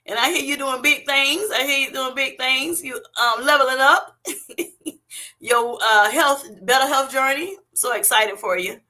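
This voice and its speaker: A woman's voice: high voice, a little slow, sharp tone. A woman hosting a livestream from her phone at work, reading out viewers' comments, laughing often and teasing them playfully. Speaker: livestream host.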